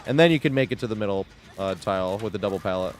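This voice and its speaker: A man's voice: lowish voice, lively intonation, very fast. A young man streaming a game, chatting casually with frequent swearing and laughter. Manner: rambling, swears a lot, laughs often. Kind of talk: casual live-stream chat.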